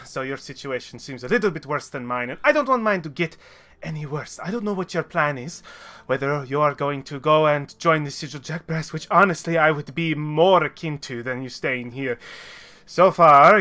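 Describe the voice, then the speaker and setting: Bright, exasperated ship captain lady, scolding, as a game master puts her on. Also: a little high. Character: stressed female smuggler ship captain, sharp-tongued.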